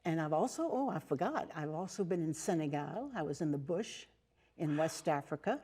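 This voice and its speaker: An older American nun and teacher, a guest on a TV studio interview, tells stories warmly in a low, expressive voice with a breathy edge. She speaks at normal speed, with fillers and restarts, in casual conversation.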